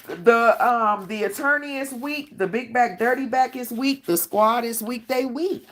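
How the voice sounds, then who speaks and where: A woman with a slightly high voice hosts a live-stream Q&A, speaking a little slowly with few pauses. Her talk is blunt, profane street talk with a combative edge, and she keeps asking "all right?".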